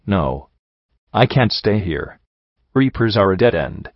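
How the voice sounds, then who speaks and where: A man reading the lines of a troubled young mare pony in a soft, sighing way, on a dull lo-fi audiobook recording. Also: on the low side, big pitch swings, slow, no echo, heavily acted. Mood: bleak.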